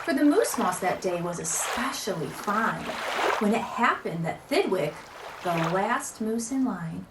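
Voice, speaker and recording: Animated mom reading a picture book. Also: female voice, medium pitch, measured pace, reverberant, heavy background noise. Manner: animated sing-song rhyming delivery. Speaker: homeschool mom reading aloud. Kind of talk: children's storybook read-aloud.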